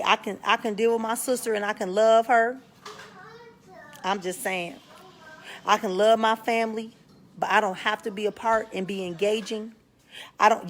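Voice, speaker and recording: A spiritual talk show host runs a casual live stream, speaking frankly and with slang while greeting viewers by name mid-sentence. Her voice is a little high and a bit bright.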